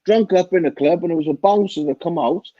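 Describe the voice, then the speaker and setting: A man's voice: a little high, a little fast, dry recording. A British man in casual chat, talking emphatically and hammering his points home with repeated reassurances. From Britain. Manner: emphatic, repeats "trust me, mate". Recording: dull lo-fi recording.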